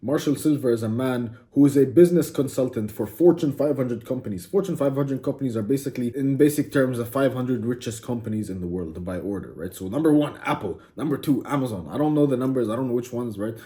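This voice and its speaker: A man's voice: mid-range voice, fast talker, few pauses, dark tone. A man hosting a self-improvement video, delivering a brash, crude and mocking motivational monologue.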